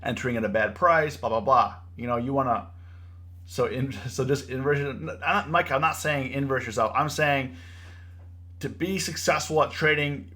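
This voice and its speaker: A young man hosting a live trading stream gives casual commentary, growing animated and preachy as he lectures, repeating himself and saying "bro" and "you know." His voice is mid-range and slightly rough, at normal speed.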